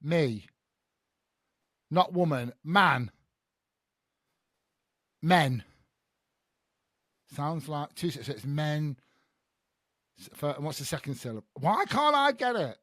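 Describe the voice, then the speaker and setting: A man hosts a chatty podcast and plays a guessing game with his guests, laughing and muttering as he thinks. His voice is a little high and swings up and down a lot. He talks slowly, and the sound is dry and close. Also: no echo. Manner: animated, laughing, thinking aloud. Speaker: podcast host.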